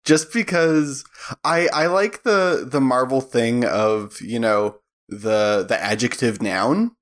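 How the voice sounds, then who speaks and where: A man's voice: mid-range voice, slow. A man co-hosting a comic book podcast, wisecracking and talking loosely. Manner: jokey, wisecracking, trails off and restarts. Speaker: podcast co-host. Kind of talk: casual chat.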